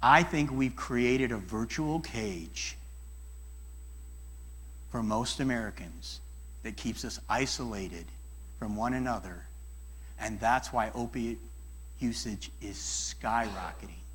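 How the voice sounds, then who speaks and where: A middle-aged man and life coach giving a church talk, animated and acting out people's voices as he tells stories. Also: medium pitch, slow, pauses often, slightly rough. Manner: animated, acts out voices in dialogues. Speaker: guest speaker and life coach.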